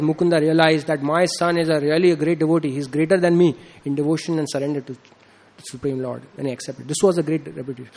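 A man giving an informal devotional sermon, telling a story with acted-out dialogue and many fillers. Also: a little mellow. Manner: acts out quoted dialogue with rising pitch, frequent fillers. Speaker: speaker giving a devotional talk.

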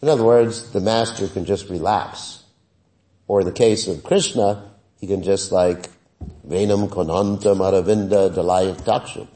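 A man giving a scripture class in a relaxed, conversational way, with many fillers, sometimes chanting Sanskrit verses. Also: on the low side, moderate pace. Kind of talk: sermon. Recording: voice heard from a distance.

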